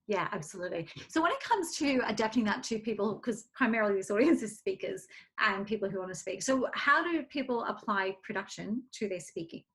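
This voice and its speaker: A woman's voice: mid-range voice, lively intonation, fairly quick, a bit bright. Woman host asking a question. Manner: brief affirming interjections. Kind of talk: conversational interview.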